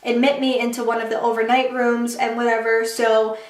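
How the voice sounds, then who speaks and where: Young woman, storytime vlogger, slightly high voice, chatty and animated, roomy echo. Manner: chatty, quick, animated retelling with acted-out quotes and many "like" fillers. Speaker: YouTuber. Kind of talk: storytime vlog, casual chat. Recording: roomy echoey room.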